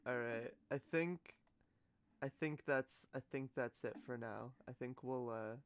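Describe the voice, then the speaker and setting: A woman's voice: rumbling low, a little slow, a little hiss or hum. A woman streamer in a casual live-stream reaction, giggly and gushing, often exclaiming and trailing off mid-sentence.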